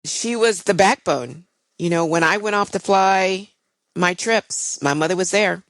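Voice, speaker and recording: A woman's voice: lowish voice, unhurried, no echo, poor audio. An older woman, a guest and airline pilot, tells a personal story in a candid, reflective way with frequent fillers.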